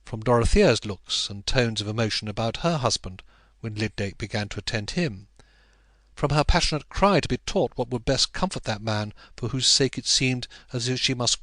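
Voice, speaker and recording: A man narrating a classic novel as an audiobook reader, in a measured, even storytelling manner. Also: mid-range voice, dry recording.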